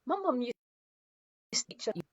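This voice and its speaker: A woman's voice: fairly high pitch, expressive, moderate pace, muffled recording. A woman, founder of a wellness movement, talking emphatically and animatedly, sometimes acting out other people's voices. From Scotland. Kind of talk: impassioned motivational talk.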